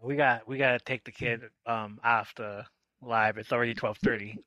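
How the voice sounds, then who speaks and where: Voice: mid-range voice, fairly even intonation, moderate pace, pushed and bright, highs cut off. A friend on a podcast, jokey and playful, swearing in casual chat.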